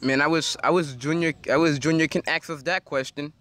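A man's voice: fairly high pitch, fairly even intonation, brisk, a bit bright, slight background noise. A man vlogging casually from a car, talking into a handheld phone with playful, teasing banter. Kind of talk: casual vlog chat.

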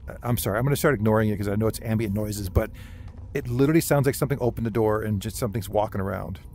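A man's voice: on the low side, rapid-fire, darkish tone, slight background noise. A man giving casual, rambling commentary while playing a game, often apologizing to his viewers, with hiccups. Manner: chatty, rambling, apologetic asides. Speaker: gamer streamer. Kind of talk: casual let's-play commentary.

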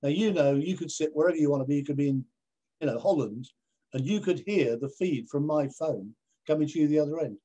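Animated man telling stories. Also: a little high, a little fast, lo-fi sound. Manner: animated, acts out other people's voices in his stories. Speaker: television presenter guest. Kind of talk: anecdotal storytelling in a conversation. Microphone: video call.

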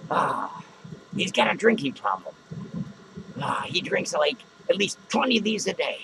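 With a high, creaky, exaggerated voice, this man takes his time yet stays very animated while noise hums behind him. The bit is a comic podcast rant from a small studio, where he plays a drunk, crude clown who rambles, curses, runs himself down and cackles loudly.

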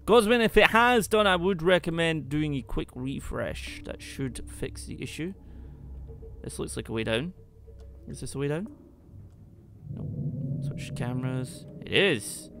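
A man commentating his game play, excitable, talking to the creatures and shouting when he panics. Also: a little high, unhurried, creaky, slight background noise. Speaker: gaming YouTuber.

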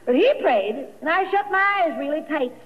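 A woman's voice: high voice, animated, normal speed, very noisy. A woman telling her life story as an emotional personal testimony, dramatic and quoting others in her own voice. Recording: dull old archival recording in a reverberant hall.

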